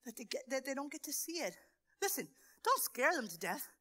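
A middle-aged woman preaching a sermon in a church, moving from hushed near-whispers to impassioned shouting. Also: sits high, big pitch swings, brisk, low-quality recording.

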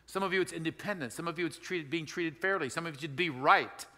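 This middle-aged Wisconsin pastor speaks fast in a pushed, bright, fairly high voice. His folksy, conversational sermon is full of repeated and restarted phrases, with long hall reverb trailing behind.

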